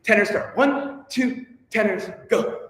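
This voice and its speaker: A choir director leads a rehearsal in a large room, his voice sitting high, slow, and a bit bright, with a little hiss or hum. He's upbeat and teasing as he coaches the singers and counts them in. The echoey hall carries a long reverb.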